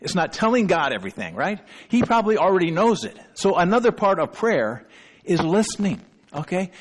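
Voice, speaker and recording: A man's voice: high voice, very animated, brisk. A middle-aged man preaching a sermon as pastor, emphatic and often checking in with the congregation. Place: church sanctuary. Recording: long reverb in a church hall.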